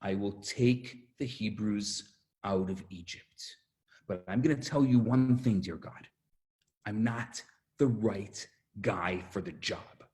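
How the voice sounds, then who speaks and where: A man playing Moses, who pleads earnestly with God and swings from low and humble to loud and resolved. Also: expressive, a little slow. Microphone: video call.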